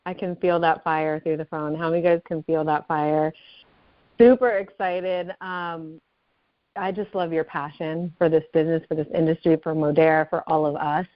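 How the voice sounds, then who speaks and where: Enthusiastic female call host, slightly low voice, muffled dry audio. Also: little pitch movement, moderate pace, no echo. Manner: bubbly, enthusiastic. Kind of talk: hosting a team call.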